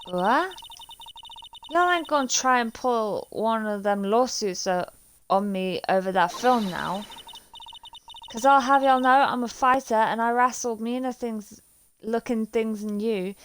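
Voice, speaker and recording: A woman voicing a brash, quick-tempered country woman photographer who scolds in a raised voice. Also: on the high side, fairly bright tone, a little hiss or hum.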